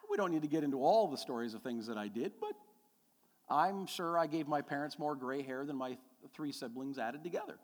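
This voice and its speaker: A man's voice: on the high side, expressive, brisk, in a large hall. A middle-aged man preaching a sermon as a pastor, telling a personal story and building to emphatic, repeated declarations.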